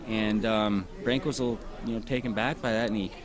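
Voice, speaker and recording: Halting, emotional man at a busy outdoor event. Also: fairly low pitch, fairly even intonation. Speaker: interview guest. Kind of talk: casual emotional testimony. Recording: outdoors with a crowd behind.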